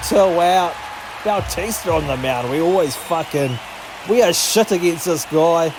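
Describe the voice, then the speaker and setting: Man, high voice, mock play-by-play game commentary, excitable and sweary, noisy background. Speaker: gaming channel host.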